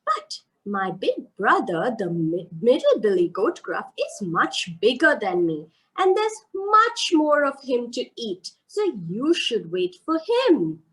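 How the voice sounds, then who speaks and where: A woman voicing a small, hungry, brave little male billy goat in a children's story, speaking high and eager. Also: huge pitch swings, slow, hardly any pauses, a bit bright, exaggerated voice, poor audio.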